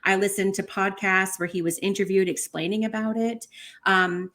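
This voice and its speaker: A woman, a podcast guest, telling a personal story in an animated way with many fillers. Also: medium pitch, normal speed. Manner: animated, many fillers like 'like' and 'you know'.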